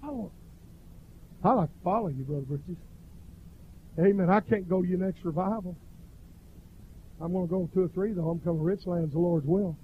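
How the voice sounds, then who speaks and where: High-voiced preacher, fervent. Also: male voice, brisk, long pauses, slight background noise. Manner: fervent, rising to shouted cries. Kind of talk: revival sermon. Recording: dull lo-fi recording.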